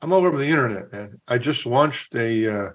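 A man's voice: mid-range voice, lively intonation, a little fast. A man, a recruiter and career coach, chatting enthusiastically as a podcast guest. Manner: enthusiastic, conversational, recounts stories. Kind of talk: casual podcast interview.

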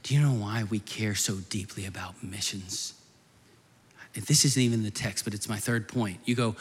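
A man's voice: lowish voice, moderate pace, slightly rough. A man preaching a sermon to a gathered audience, telling a personal story in a rambling, fervent way with many restarts. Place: large hall before an audience. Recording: long hall reverb.

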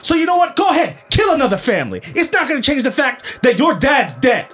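A man voicing Darlene, a defiant mother, in a high, indignant, accusing voice. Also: wildly swooping pitch, fast, a bit bright, exaggerated voice. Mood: furious.

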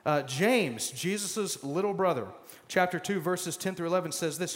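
A middle-aged man delivers a sermon in a relaxed, conversational manner, sprinkled with fillers and self-mocking asides. His voice sits a touch high for a man, and it carries a long reverb from a large hall. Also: normal speed. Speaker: pastor.

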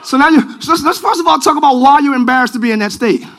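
Man, pastor, live sermon, very high voice, bright, shouting, music and congregation behind. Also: rapid-fire, a faint crowd. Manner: preaching with shouted call-and-response. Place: large church.

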